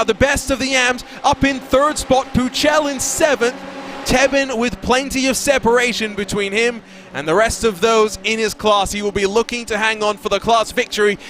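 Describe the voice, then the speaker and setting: A man calling an online race as lead commentator, fast and energetic, his voice going hoarse. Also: very high voice, a little hiss or hum. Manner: fast, energetic, rises in excitement. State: voice getting hoarse. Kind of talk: sim racing play-by-play commentary.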